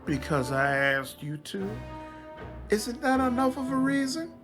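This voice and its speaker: A man's voice: sits high, sing-song, a little slow, over music, voice pushed up, heavily acted. A man voicing a vain female swamp demon queen who is petulant, whiny and awkwardly flirtatious. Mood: smug.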